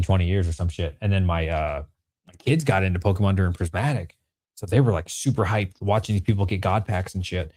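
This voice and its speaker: A man in his thirties talks loosely and jokingly to his live chat, full of slang. His voice sits a bit low. The sound is dry and close, with no room echo. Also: a little mellow. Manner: laid-back slangy talk, frequent "bro" and laughter. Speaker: streamer selling and opening trading cards. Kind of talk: casual live-stream chat.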